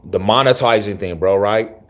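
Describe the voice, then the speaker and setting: A man's voice: on the low side, moderate pace, a bit bright. A man hosting his own channel, talking casually to camera in slangy, rambling speech with many restarts. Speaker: YouTube channel host.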